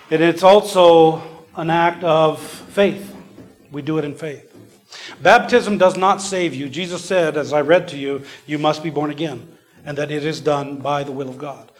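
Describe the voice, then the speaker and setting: A man preaching a sermon in a church, earnest and repetitive, falling to a near whisper before swelling loud again. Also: fairly high pitch, fairly even intonation, unhurried. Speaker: pastor. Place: church service.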